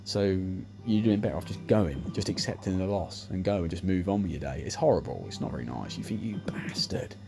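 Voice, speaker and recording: A man telling sweary, animated anecdotes while playing a slot machine, acting out what people said. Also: low-pitched, fast talker, gravelly, hardly any pauses. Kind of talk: casual storytelling over gameplay. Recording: music playing behind the voice.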